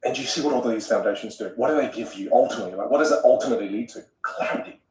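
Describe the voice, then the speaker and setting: A man talking as a vocal coach in a podcast conversation, animated and acting out example voices. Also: mid-range voice, racing, roomy sound, far from the mic, poor audio.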